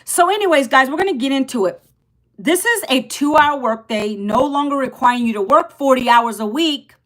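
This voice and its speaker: Loud, passionate woman in her fifties. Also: sits high, animated, moderate pace. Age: 50s. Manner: rambling, emphatic, repeats herself. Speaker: livestream host. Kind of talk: casual livestream talk.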